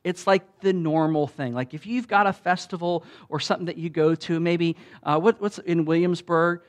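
A man preaching a sermon in a conversational way, with restarts, often rising loud when he quotes. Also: a little high, steady tone, normal speed. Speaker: pastor.

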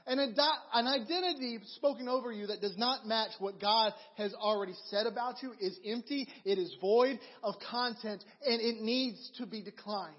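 High-voiced man preaching in a reverberant hall. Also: normal speed, few pauses. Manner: animated storytelling with repeated phrases. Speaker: pastor. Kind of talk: sermon. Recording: dull recording in a reverberant hall.

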